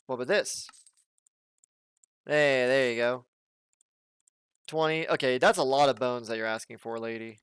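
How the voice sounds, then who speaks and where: Brief: a chatty, jokey man from the southern United States as a let's play host, with a smooth voice. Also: mid-range voice, measured pace, pauses often, a bit bright, no echo. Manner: chatty, jokey, thinking aloud. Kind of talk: casual gameplay commentary.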